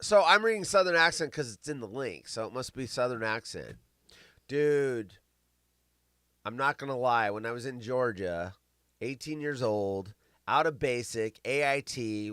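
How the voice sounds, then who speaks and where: Animated, profane man hosting a live chat. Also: medium pitch, moderate pace, clear, resonant tone, no echo. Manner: rambling, profane, swings between loud and mumbled. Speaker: podcast host. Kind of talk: casual live-stream chat.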